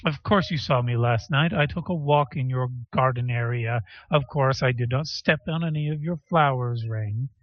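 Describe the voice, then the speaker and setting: A man's voice: mid-range voice, moderate pace, hardly any pauses, dry recording, dull audio, lightly acted. A man voicing Wormwood, a stern, pompous male therapist who speaks in clipped, indignant sentences.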